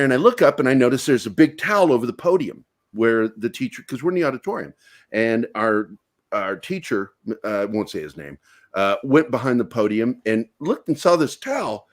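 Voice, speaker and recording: Animated man telling a crude story. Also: mid-range voice. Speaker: podcast co-host. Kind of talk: casual storytelling chat.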